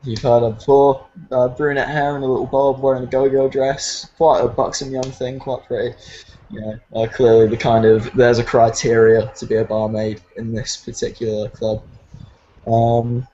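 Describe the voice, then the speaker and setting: A man's voice: mid-range voice, little pitch movement, normal speed, mellow, muffled recording. A man with a British accent narrating as game master, rambling with many fillers.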